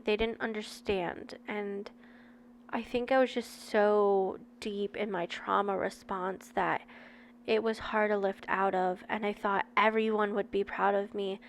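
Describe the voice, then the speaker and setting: A woman's voice: mid-range voice, steady tone, measured pace, a little hiss or hum. A woman in her thirties reading a book aloud and breaking off into candid, chatty personal asides to her viewers. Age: 30s.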